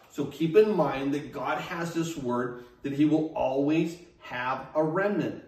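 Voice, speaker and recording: A man with a fairly high voice preaches a sermon and acts out the people in the scripture with dramatic flair. He stands some way back from the mic, and the room rings with echo. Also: unhurried, far from the mic. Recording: echoey room, speaker away from mic.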